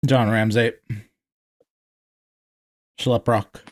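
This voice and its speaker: A man from North Georgia with a Southern accent, hosting a podcast in relaxed, rambling casual chat. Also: medium pitch, very slow. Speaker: podcast host.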